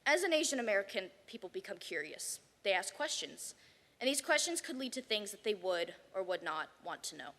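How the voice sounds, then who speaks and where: A teenage girl giving a theatrical competition performance, swinging between hushed and shouted lines. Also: mid-range voice, animated, moderate pace, big-room sound. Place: banquet hall.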